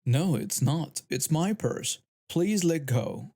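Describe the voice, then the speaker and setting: A soft, polite teenage girl, voiced by a man in a narrated storybook tale. The words come slow and careful in a mellow, dark tone. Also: a little high, expressive, vocal fry, heavily acted. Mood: pleading. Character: frightened but brave teenage blind girl.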